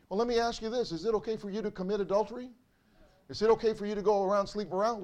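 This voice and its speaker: A man's voice: high voice, fast, a little mellow. A man, a pastor, preaching an emphatic sermon in church, repeating his points and firing questions at the congregation.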